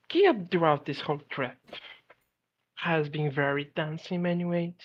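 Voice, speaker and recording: Low-voiced woman playing a tabletop game, dull sound. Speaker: player. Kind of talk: tabletop role-play.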